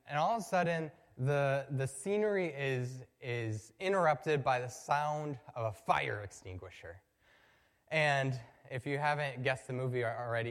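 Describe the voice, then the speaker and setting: A male pastor preaching a sermon, telling a story conversationally and building to emphatic points. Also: medium pitch. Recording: long reverb from a large hall.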